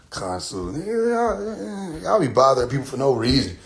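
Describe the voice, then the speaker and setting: Animated man ranting on a phone livestream. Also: medium pitch, fairly quick, hardly any pauses, slight background noise. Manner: animated, swears freely, laughs at his own jokes. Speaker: live streamer. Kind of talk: casual livestream rant.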